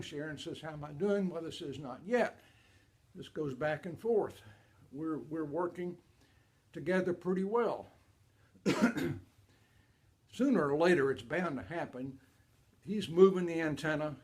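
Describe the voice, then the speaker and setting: An older man from Kentucky telling a personal story to an audience, animated, swinging between loud and hushed. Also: fairly high pitch.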